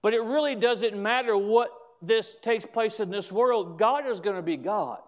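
A man preaching a sermon, slowing down and drawing out key words for emphasis. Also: sits high.

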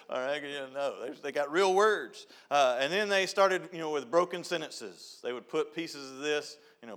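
An older man speaks in a folksy, storytelling way during a church talk. His voice sits a little high for a man, and he keeps coming back to a repeated refrain. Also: expressive, normal speed, few pauses, a bit bright. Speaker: youth director.

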